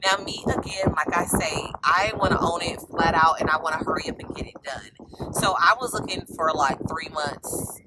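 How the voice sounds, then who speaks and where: A woman vlogging in an excited, gushing, emotional way, close to tears, with a casual y'all. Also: low-pitched, normal speed. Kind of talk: excited casual vlog chat. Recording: loud background noise.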